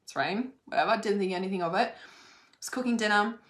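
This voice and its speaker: A woman tells a story from her own life in a loose, rambling monologue. She swears freely and fills her talk with "like". Her voice sits at a middle pitch, and the room around her gives off a roomy echo. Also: a little fast. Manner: chatty, swears freely, heavy use of "like". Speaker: spiritual content creator.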